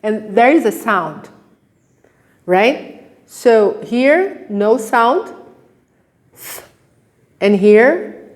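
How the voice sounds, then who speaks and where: Slow, patient woman teaching pronunciation. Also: a little high, expressive. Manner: drawn-out sounds, laughs often, asks you to repeat. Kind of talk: slow, careful pronunciation lesson.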